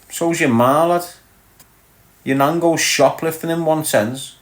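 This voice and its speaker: In an echoey room, a Liverpool man with a Scouse accent runs a livestream, working through the chat with crude jokes and jabs at his viewers. He speaks at a measured pace in a slightly high voice.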